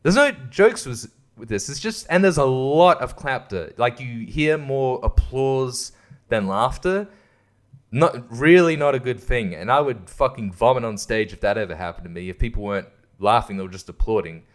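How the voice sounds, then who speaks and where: A man's voice: medium pitch, expressive, moderate pace. A man hosting a podcast, ranting in a casual, sarcastic way with lots of swearing and laughs at his own jokes. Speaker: podcast host and comedian.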